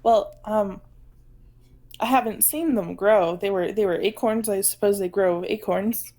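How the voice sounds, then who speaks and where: A woman's voice: medium pitch, measured pace, a little mellow, lightly acted. A woman voicing a scatterbrained young woman adventurer in a tabletop game, hesitant and stammering.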